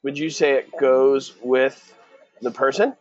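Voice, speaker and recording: A man's voice: mid-range voice, steady tone, measured pace, no echo, lo-fi sound. A man tutoring a student for a real estate exam in a casual question-and-answer session, quizzing and encouraging.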